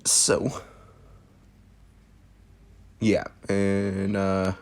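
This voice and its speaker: A man's voice: low voice, monotone, extremely slow, clear, resonant tone. A young man casually improvising a fan-fiction story, rambling with fillers and jokes. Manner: rambling, full of fillers and restarts, jokey.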